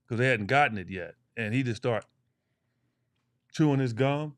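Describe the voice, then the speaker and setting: A man in his sixties from Chicago, a former pro basketball player, co-hosting a casual podcast and telling animated stories full of slang and trash talk. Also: medium pitch, moderate pace, clean tone, no room sound, studio quality.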